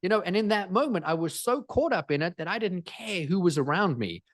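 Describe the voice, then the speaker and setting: A man speaking as a guest in an interview, energetic and emphatic, driving points home with repetition. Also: sits high, a little fast, dry recording, studio quality. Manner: energetic, emphatic, repeats phrases for effect. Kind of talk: animated interview storytelling.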